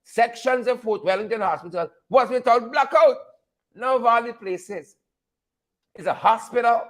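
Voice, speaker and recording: This Guyanese host runs a live stream, welcoming viewers as he launches into a sarcastic, preachy rant. His voice is very high, and his pace is normal.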